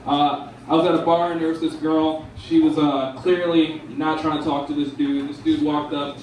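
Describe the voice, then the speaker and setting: Rambling young comedian in echoey bar. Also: male voice, fairly high pitch, little pitch movement, moderate pace, a little mellow, a little hiss or hum. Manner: rambling, casual, lots of ums and dudes. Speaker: stand-up comedian. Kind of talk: stand-up comedy set. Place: bar lounge stage. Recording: echoey room from far off.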